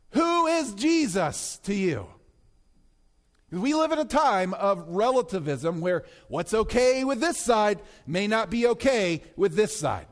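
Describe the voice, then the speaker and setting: A man preaching a sermon as pastor, reading scripture and pressing his points with rising emphasis. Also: high-pitched. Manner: emphatic, rising to a near-shout on key points.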